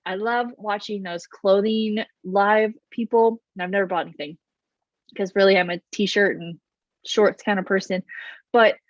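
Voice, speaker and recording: A woman coaching straight to camera in an easy, chatty way. She is loud and quick with bouncy energy. The sound is dry and a bit dull and lo-fi. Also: medium pitch, no echo. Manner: loud, fast, animated talker who talks with her hands. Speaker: business coach. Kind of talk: casual to-camera advice.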